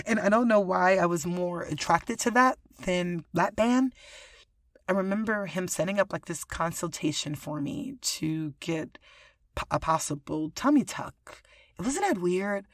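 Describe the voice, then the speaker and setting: A woman hosting a casual solo podcast, talking to her listeners in an animated, profane way and laughing often. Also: lowish voice, normal speed, no room sound, clean studio sound. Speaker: podcast host.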